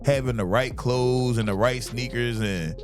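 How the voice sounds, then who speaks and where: A man's voice: medium pitch, unhurried, soft background music. Laughing, profane man telling stories. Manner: profane, laughing, animated storyteller. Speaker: comedian podcast host. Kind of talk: casual storytelling chat.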